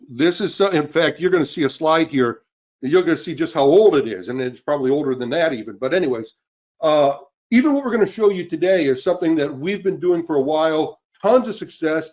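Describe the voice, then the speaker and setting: Upbeat fifties male webinar host, high voice, dull lo-fi audio. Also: expressive, fairly quick, a little mellow. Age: 50s. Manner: upbeat, greets listeners by name. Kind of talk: live webinar sales pitch. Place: cold indoor room.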